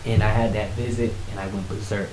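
A man casually telling his life story in conversation, animated, acting out what others said. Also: fast talker. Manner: animated, acts out quotes with rising pitch. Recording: echoey room with faint hiss.

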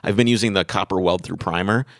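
A middle-aged man with a low voice co-hosts a car podcast, close and dry on the mic. He tells his stories with animated energy and slips into imitations of the people in them. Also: fast talker, dry recording. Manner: animated storytelling, mimics people. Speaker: podcast co-host. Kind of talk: casual car chat.

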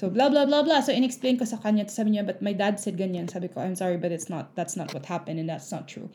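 Filipina teacher telling a story, mellow warm voice, switches languages a lot. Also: mid-range voice, fast talker. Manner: mixes languages, acts out quoted kids and adults. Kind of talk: casual storytelling chat.

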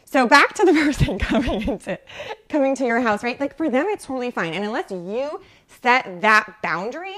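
Hosting a live coaching show for moms, this woman keeps things chatty, says "like" a lot, asks "right?" again and again, and welcomes viewers by name. She speaks at a normal pace in a fairly high, animated voice that's a touch bright.

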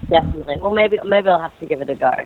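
Australian woman guest, lowish voice, hesitant and polite, phone-line sound. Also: rapid-fire, a little hiss or hum. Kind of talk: casual chat.

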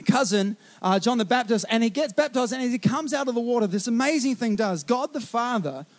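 Fervent high-voiced male preacher. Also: animated. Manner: fervent, repeats "come on" in rousing exhortations; swings between loud, urgent bursts and quiet, slow lines. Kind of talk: sermon.

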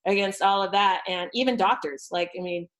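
A woman voice coach chatting on a podcast, telling lively stories and acting out what she said to clients. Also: mid-range voice, brisk, low-quality recording. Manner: animated storyteller, acts out quotes. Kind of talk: casual podcast chat.

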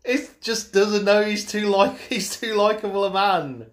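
A man's voice: high-pitched, measured pace. A man co-hosting a casual film chat, dropping easygoing asides while laughing along.

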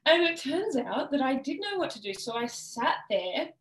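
A woman guest on a podcast, telling her personal story in a casual, animated way and laughing now and then. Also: high-pitched, moderate pace. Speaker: podcast guest, worthiness coach. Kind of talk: casual interview chat. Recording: roomy echo.

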